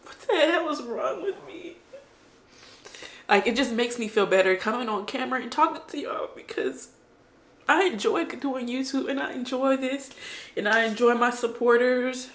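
Bright-voiced young woman vlogging to camera. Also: fairly high pitch, normal speed. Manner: tearful at first, then upbeat and chatty with viewers. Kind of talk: emotional casual vlog talk to camera. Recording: echoey room.

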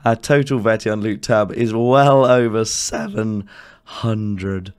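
A young man with a hoarse, worn voice, commenting excitedly on his own gameplay and cursing at his bad luck. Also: fairly low pitch, takes it slowly. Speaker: gaming video creator.

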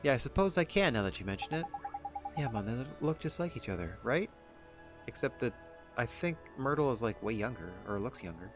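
A man's voice: medium pitch, very animated, fairly quick. A man streaming a game, making sarcastic, joking asides while reading the dialogue aloud. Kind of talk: gameplay commentary. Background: game music.

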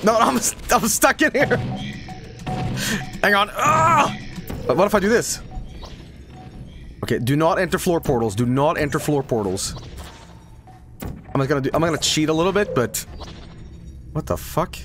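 An excitable man streams a game with casual commentary, swearing and laughing as he goes. His voice sits high and swings wildly up and down. Faint music plays beneath him. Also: normal speed, pauses often. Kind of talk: casual let's-play commentary.

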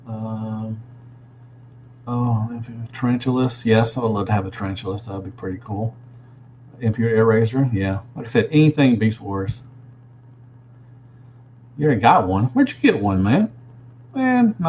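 A man's voice: fairly low pitch, moderate pace, long pauses, darkish tone, muffled recording, slight background noise. A man chatting casually as a toy reviewer, rambling and answering viewers as he goes. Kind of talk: casual livestream chat.

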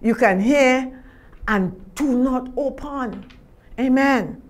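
A woman's voice: sits high, slow pace. A woman minister with a Trinidad and Tobago accent preaching a sermon, fervent and repetitive, with frequent hallelujahs.

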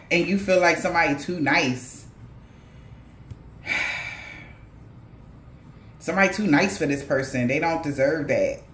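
A woman's voice: deep voice, unhurried, long pauses, a bit bright. A woman doing a casual tarot reading for viewers, talking bluntly in slangy, profane speech with laughing asides. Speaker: tarot reader. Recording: echoey room.

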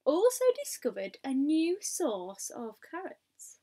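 A woman reads a picture book aloud in a slightly high voice. She takes her time over each short diary entry. She stops now and then for little asides to the listener. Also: very animated, dark tone. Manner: unhurried diary-style reading with asides to the listener. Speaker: storybook reader.

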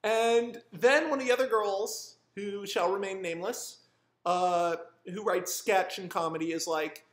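Young screenwriter, animated rambling storyteller, high voice, roomy sound. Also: male voice, unhurried. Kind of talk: casual storytelling monologue. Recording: roomy echo.

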